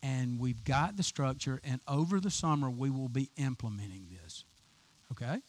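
A man's voice: medium pitch, animated, normal speed. A man preaching an informal, chatty sermon to his congregation as their pastor, enthusiastic and full of restarts. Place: church sanctuary.

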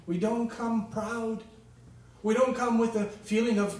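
A man preaching a sermon, impassioned, swinging from loud pleading to hushed tones. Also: sits high, normal speed. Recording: echoey room, mic at a distance.

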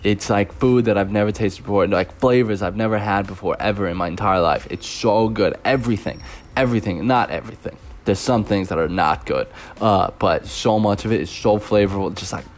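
A man's voice: lowish voice, fairly quick, a little hiss or hum. A young man hosting a podcast, telling stories from his teaching job in a rambling, laughing way, full of fillers. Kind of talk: casual storytelling podcast.

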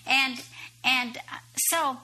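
A woman telling a personal story on a broadcast in an animated, lively way. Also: high voice, very slow.

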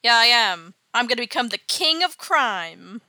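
A woman putting on a gloating comic-book chemist, scheming and pleased with himself. He speaks slowly and smugly, and the recording is dry and close. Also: on the high side, very animated, pushed and bright, no echo, heavily acted. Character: scheming male chemist gloating over his plan.

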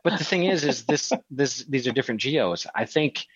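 A man's voice: medium pitch, lively intonation, normal speed, husky, no echo. Chatty man on a dry, muffled line. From Wisconsin. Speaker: podcast co-host. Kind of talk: casual podcast chat. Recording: dry, slightly muffled audio.

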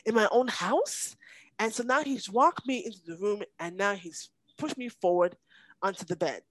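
A woman recounts a frightening personal experience as a podcast guest. Her telling is intense and halting, sometimes breaking off with emotion, at a middle pitch for a woman. The sound is dry and close. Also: expressive, a bit bright, no echo, poor audio. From Nigeria.

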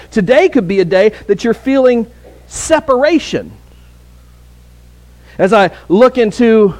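High-voiced man preaching a sermon. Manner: earnest, halting with repeated words. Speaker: pastor.

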